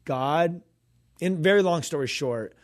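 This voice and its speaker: A grown pastor's kid, now a minister co-hosting a faith podcast, recounts a story casually in a slightly high, animated voice at a somewhat slow pace. He acts out the dialogue he quotes.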